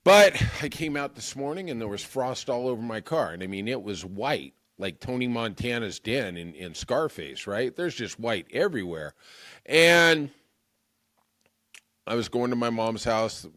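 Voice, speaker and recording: A man's voice: mid-range voice, animated, a little slow, a bit bright. A middle-aged man hosting a political podcast, rambling through a jokey, self-mocking monologue. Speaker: podcast host. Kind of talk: casual comic monologue.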